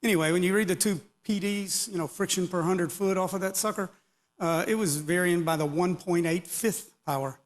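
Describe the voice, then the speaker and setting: A man's voice: high-pitched, normal speed. Folksy man speaking in a reverberant hall. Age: middle-aged or older. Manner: folksy, rambling, joking asides. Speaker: conference speaker. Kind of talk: casual technical talk to an audience.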